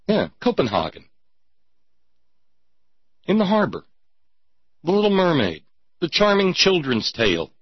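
Brief: male commentator, sarcastic and mocking, slow deliberate delivery, lively swooping pitch. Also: breathy edge, no room sound, lo-fi sound. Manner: sarcastic, mocking, theatrical emphasis. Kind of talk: sarcastic political commentary monologue.

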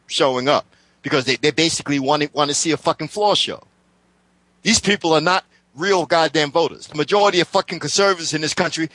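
Fired-up, foul-mouthed male co-host, fairly high voice, heated political rant. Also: fairly bright tone, no room sound. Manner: profane, heated ranting. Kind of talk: casual political chat.

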